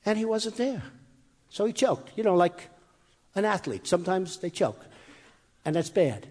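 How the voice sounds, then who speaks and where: In a high, unhurried voice with a lively, swooping delivery, a male candidate gives an improvised rally speech that's boastful, rambling and repetitive, mocking critics in quoted voices. The hot, crowded hall is reverberant, with the crowd faintly audible.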